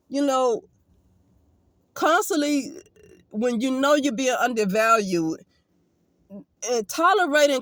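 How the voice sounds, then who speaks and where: A high-pitched woman talks bluntly and emphatically in a casual vlog monologue. She speaks as an occupational therapist from Alabama, and her speech is peppered with profanity. The recording is dry and close. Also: a bit bright, dry recording.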